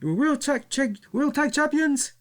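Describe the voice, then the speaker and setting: This is an excitable male wrestler running a cooking bit, as a man mimics him. The voice jumps far above normal speech and comes out loud and shrill. He repeats himself like a broken record. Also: measured pace. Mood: excited. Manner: high, loud, repetitive shouting.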